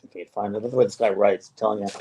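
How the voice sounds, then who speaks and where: A man's voice: fairly low pitch, fairly even intonation, racing, gravelly, mellow, husky, muffled recording. A middle-aged man, a spiritual medium co-hosting a casual chat, speaking earnestly and with feeling, often voicing what spirits tell him. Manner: earnest, emotional, quotes spirits in their own words.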